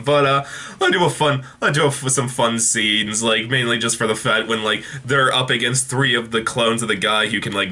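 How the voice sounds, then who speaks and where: A man talks through a TV episode review off the cuff, circling back and restarting his sentences with plenty of ums and likes. His voice is bright and clear-toned, sitting at an ordinary pitch for a man. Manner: rambling, many fillers and restarts. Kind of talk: casual unscripted review.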